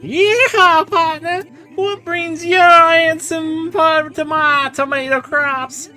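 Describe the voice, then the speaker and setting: A man's voice: very high voice, fairly even intonation, slow pace, pushed and bright, voice pushed up, heavily acted. A man voicing a crude, rambling hillbilly tomato farmer with a put-on Southern drawl while streaming a game. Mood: folksy.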